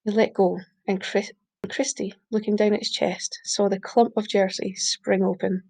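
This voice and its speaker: A woman reading a short story aloud, steady, with small slips she corrects. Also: medium pitch, moderate pace, vocal fry. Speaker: reader. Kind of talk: audiobook reading.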